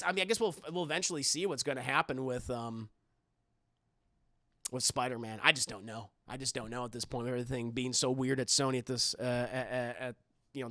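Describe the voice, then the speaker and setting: A young man streaming live, talking casually in a slightly high voice with a gravelly, creaky texture. His tone is bright and forward, and the sound is close and dry with no room echo. He rambles, answering chat and restarting his sentences.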